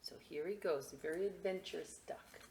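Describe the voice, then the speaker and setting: A woman reading picture books aloud at a library storytime, expressive and adding friendly asides for children. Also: lowish voice, background noise. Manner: slow, expressive, chatty asides to kids.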